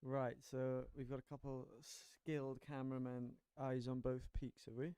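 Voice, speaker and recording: A man's voice: medium pitch, little pitch movement, normal speed, warm tone, smooth, no room sound. A man co-commentating a surf contest, easygoing, often putting questions to the others. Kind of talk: casual sports commentary.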